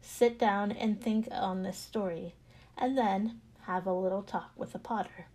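A woman podcast host telling a devotional story in a calm, reflective manner. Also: mid-range voice, measured pace.

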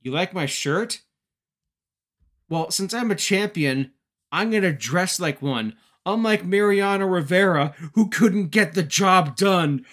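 A man's voice: sits high, lively intonation, slow, fairly bright tone, voice pushed up, full character voice. A man impersonating a smug, arrogant male wrestling champion who gloats. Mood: gloating.

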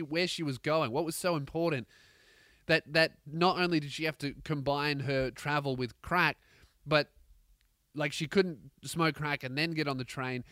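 A man with an Australian accent, a comedian hosting a podcast, telling a profane, rambling story with animated energy. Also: on the high side, dry recording, studio quality. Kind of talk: comedic rant.

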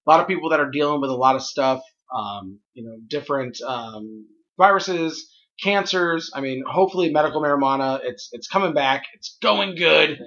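A man's voice: fairly high pitch, animated, normal speed, fairly bright tone. A man co-hosting a podcast, crude and joking as he riffs on drug commercials in casual chat. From Missouri. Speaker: podcast co-host. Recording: dull lo-fi podcast audio.

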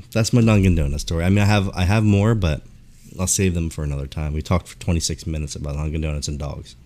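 A low-pitched man hosting a podcast, spinning animated anecdotes in casual chat. He swears a lot and talks with loose, easy energy. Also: fast talker. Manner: animated, profane storytelling. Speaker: podcast host.

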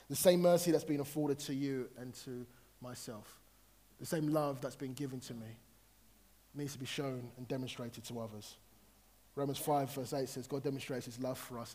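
A man's voice: mid-range voice, a little mellow. A man preaching a sermon in a conversational way, rising to emphatic points.

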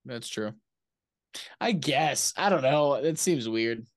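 A man's voice: medium pitch, expressive, takes it slowly, no room sound. Young guy co-host, cusses a lot, teasing, laughs, dry close mic. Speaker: co-host, son. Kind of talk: casual chat.

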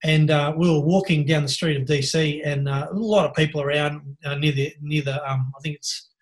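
An Australian man, a podcast guest, telling lively stories over a video call and laughing often. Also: on the high side, a little fast. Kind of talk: casual storytelling interview.

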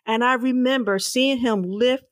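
Middle-aged woman telling her story in an interview, earnest and slow, dry close sound. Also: a little high, dry recording. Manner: earnest, slow and emphatic, with repeated words. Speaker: author and interview guest.

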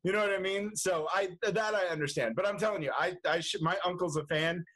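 A man's voice: high voice, fairly quick, a bit bright, low-quality recording. A young man, a movie reviewer chatting casually as a guest, laughing often and restarting his sentences. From United States. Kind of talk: casual interview chat.

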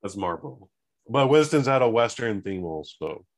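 A man's voice: on the low side, sing-song, moderate pace. A man co-hosting a podcast, chatting casually and throwing in dry, wisecracking asides. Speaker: podcast co-host.

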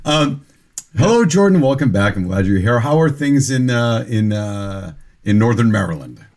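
A man's voice: lowish voice, moderate pace, darkish tone. A man co-hosting a movie podcast, joking wryly and swearing now and then. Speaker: podcast co-host. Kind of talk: casual chat.

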